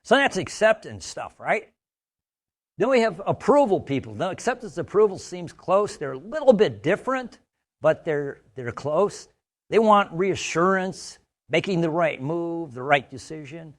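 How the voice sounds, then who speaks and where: A man's voice: a little high, sing-song, a little slow. Man giving a chatty training talk. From United States. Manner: anecdotal, conversational, asks "right?" often. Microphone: studio mic.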